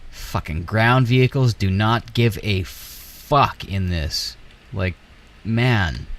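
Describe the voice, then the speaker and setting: A man's voice: lowish voice, slow pace. A young man giving casual flight sim gameplay commentary, ranting angrily and swearing.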